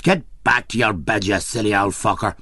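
A man voicing a rough, blunt male tramp with coarse speech. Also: lowish voice, fairly even intonation, moderate pace, bright, forceful tone, no echo, studio quality. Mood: gruff.

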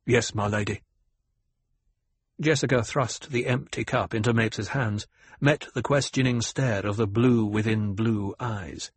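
A man narrating an audiobook in a steady, even storytelling manner. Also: medium pitch, a little slow, slightly rough, no echo. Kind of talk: scripted narration.

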